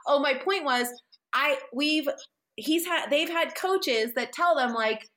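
A woman's voice: sits high, slow pace, fairly bright tone. A woman in her forties from San Francisco, telling a personal parenting story as a podcast guest, rambling with lots of fillers and restarts. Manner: rambling with many fillers and restarts, emotional, tearful at times. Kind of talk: candid conversational storytelling.

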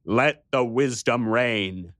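A man voicing a kind, wise and jolly bearded old king in an audiobook, speaking slowly and gravely. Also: mid-range voice, a bit bright, dry recording, studio quality. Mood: solemn, kindly. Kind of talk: audiobook character voice.

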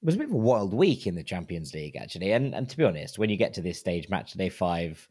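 A man's voice: deep voice, sing-song, quick pace, a little mellow, slightly rough, no room sound, clean studio sound. Man hosting a football podcast. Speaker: podcast host. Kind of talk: casual football chat. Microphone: studio mic at night, speaking quietly.

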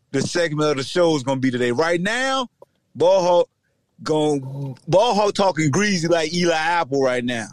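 Animated man hosting a sports podcast. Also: on the high side, no room sound. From Virginia. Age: middle-aged. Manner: animated, slangy, jokes and voices people. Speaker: podcast host, former player. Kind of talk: casual sports podcast banter.

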